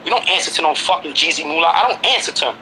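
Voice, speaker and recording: Insistent fast-talking man, bright voice. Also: a little high, animated, slight background noise, rough recording. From Brooklyn, New York. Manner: insistent, repeats himself, presses the listener with questions. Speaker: guest. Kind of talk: heated casual conversation.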